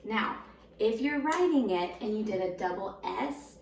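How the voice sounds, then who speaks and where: First-grade teacher, patient, syllable-by-syllable, distant echoey home recording with faint hum. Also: female voice, mid-range voice, lively intonation, gravelly. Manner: patient, slow, sounds words out in syllables. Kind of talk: recorded home lesson for young children. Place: home room. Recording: roomy echo, voice a bit far from the mic.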